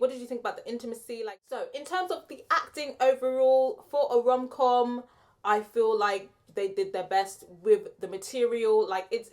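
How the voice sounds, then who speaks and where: Chatty young woman reviewing a film. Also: fairly high pitch. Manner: chatty and opinionated, with frequent "like" and "um". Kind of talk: casual spoken review.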